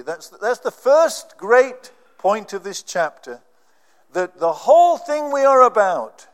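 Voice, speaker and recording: A man preaching a sermon, emphatic and swelling on key phrases. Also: a little high. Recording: long church reverb.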